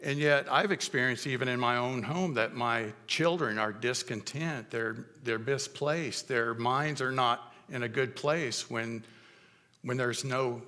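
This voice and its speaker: A middle-aged man preaching a sermon as pastor, telling stories in a conversational way with halting restarts. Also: mid-range voice, pushed and bright, long reverb tail. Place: church sanctuary.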